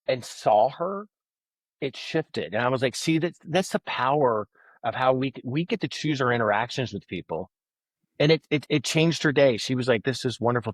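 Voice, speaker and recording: A man's voice: medium pitch, no room sound. A man telling a story as a podcast guest, acting out the voices of people he quotes. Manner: animated storyteller who acts out quoted voices. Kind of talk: conversational storytelling.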